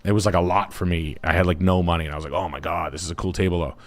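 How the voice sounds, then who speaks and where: A man's voice: low voice, fairly even intonation, racing. A man casually telling a long rambling story, swearing often and breaking into other people's voices. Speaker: storyteller on a talk show.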